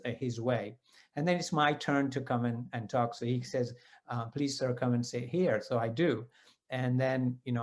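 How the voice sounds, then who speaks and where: A man in his fifties sharing personal devotional experiences in a relaxed storytelling talk, with many asides and self-corrections. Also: medium pitch.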